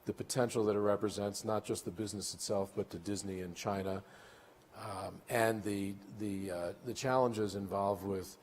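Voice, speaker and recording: A man in his sixties, a chief executive speaking onstage as a keynote guest, measured and deliberate with a light dry humor. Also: fairly low pitch, fairly even intonation, darkish tone, a little hiss or hum. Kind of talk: onstage conference interview. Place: conference stage in a large hall. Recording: long hall reverb.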